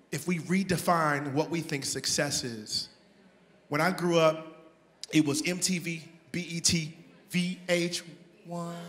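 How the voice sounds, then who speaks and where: A man's voice: a little high, fairly bright tone. A male singer talking to the crowd between songs at a live show, chatty and hyping the audience, laughing at himself. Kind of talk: stage banter between songs. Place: live concert stage. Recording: echoey venue with live band. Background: band music.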